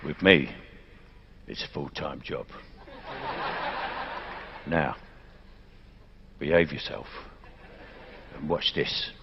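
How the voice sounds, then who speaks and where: A man impersonating a gruff, cocky older film star. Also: rumbling low, full character voice. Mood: teasing. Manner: slow, drawling celebrity impression. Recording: muffled, with loud crowd and noise.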